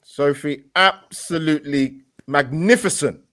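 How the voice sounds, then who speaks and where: A man's voice: on the high side, measured pace, fairly bright tone. A man co-hosting a football chat show, effusive and full of praise for his guests. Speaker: co-host.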